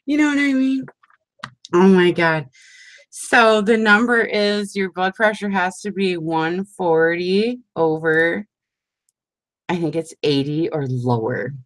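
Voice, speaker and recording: A woman in her forties chatting casually with her crafting group at home, talking fast and laughing often. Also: lowish voice, no echo. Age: 40s. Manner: chatty and animated, breaks into frequent laughter. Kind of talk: casual chat.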